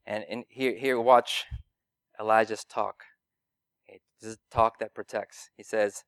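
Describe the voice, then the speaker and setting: A man's voice: on the low side, fairly even intonation, unhurried, a bit bright, clear, resonant tone, no room sound. A man preaching a conversational sermon, earnest and plain-spoken, talking directly to his listeners.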